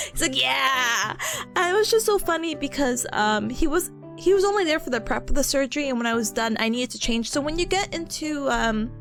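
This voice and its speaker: A young woman streaming and chatting casually, telling stories in an animated way with bursts of laughter. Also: high-pitched. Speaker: VTuber streamer. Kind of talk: casual chat.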